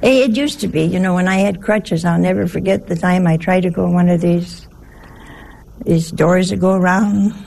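A woman's voice: fairly low pitch, normal speed, vocal fry, a little mellow, a little hiss or hum. A woman giving a conversational sermon in a folksy, humorous way, full of rhetorical questions. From Italian family. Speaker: religious teacher.

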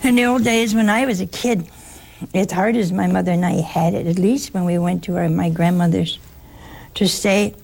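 American woman, religious sister, gravelly and husky, warm chatty storyteller giving a talk. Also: fairly low pitch, moderate pace. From United States. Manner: storytelling, chatty, animated asides. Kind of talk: casual spoken talk to an audience.

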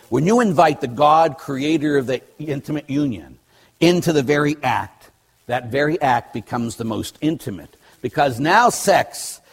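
A husky older man preaches as a priest, his voice sitting a little high for a man. He tells blunt stories with dry humor and swings between loud and soft. The talk moves from teaching to anecdote. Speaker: Catholic priest. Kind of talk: sermon with personal stories.

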